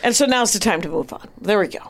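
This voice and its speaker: A woman's voice: mid-range voice, animated, fast, gravelly. A woman guest telling a comic story on a podcast, self-mocking and laughing as she talks.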